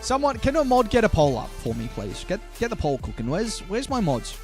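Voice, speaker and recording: Young Aussie male streamer-caster, high voice, playful hype, light music bed. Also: wildly swooping pitch, brisk. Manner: chatty, hyped, playful banter with chat. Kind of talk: live stream commentary.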